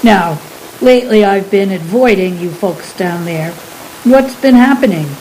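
A woman voicing a gruff, lonely giant man who talks bluntly and impatiently. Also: medium pitch, animated, measured pace, mellow, a little hiss or hum, lightly acted, poor audio. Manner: brusque, exasperated questioning.

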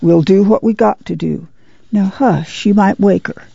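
A woman voicing a worn, steady farm mother. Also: mid-range voice, unhurried, vocal fry, slightly rough, dry recording, highs cut off, exaggerated voice. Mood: calm. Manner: quiet, calm, hushing.

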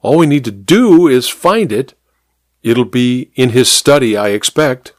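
A man voicing a brisk, matter-of-fact aristocratic duchess in a dry storybook reading. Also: medium pitch, animated, dry recording, natural voice. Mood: assured.

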